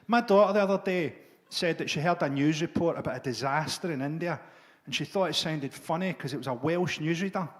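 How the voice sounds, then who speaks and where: A middle-aged man doing a dark, sardonic stand-up set, swearing freely. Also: high voice. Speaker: stand-up comedian.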